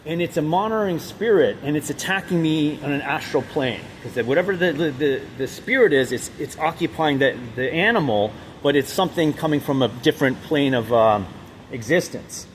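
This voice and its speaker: Guy ranting off the cuff, kinda high voice, keeps restarting sentences, really emphatic. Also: expressive, a little hiss or hum. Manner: rambling, halting delivery with frequent restarts and fillers; intense, emphatic. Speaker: vlogger. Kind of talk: unscripted monologue.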